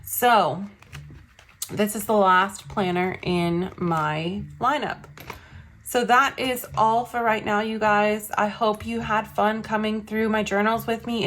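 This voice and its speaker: A woman's voice: medium pitch, fairly bright tone, a little hiss or hum. A young woman vlogger chatting casually as she shows her journals and planners. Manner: chatty, says "y'all". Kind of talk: casual show-and-tell.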